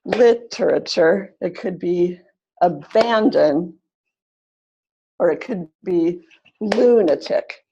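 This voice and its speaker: Lady teacher running a webinar on a computer mic, slightly low voice, upbeat, stretches words out slowly to show the stress. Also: mellow, husky, muffled recording. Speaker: teacher trainer.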